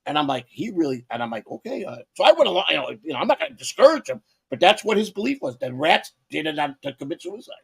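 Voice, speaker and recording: Gravelly, rambling man telling stories. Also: a little high, big pitch swings, fast talker, hardly any pauses. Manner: rambling, repeats words, swears. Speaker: podcast co-host. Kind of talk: rambling casual storytelling.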